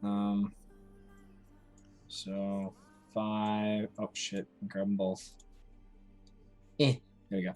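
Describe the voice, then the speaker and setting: A man playing a tabletop game, distractedly counting his moves out loud. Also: on the low side, completely flat delivery, extremely slow, pauses often, soft background music. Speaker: player.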